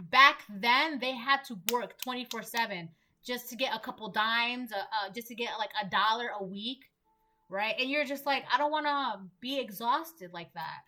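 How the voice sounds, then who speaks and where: A woman's voice: a little high, pushed and bright, a little hiss or hum. A young woman giving a casual collective tarot reading, emphatic and repetitive, full of "like". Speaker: tarot reader.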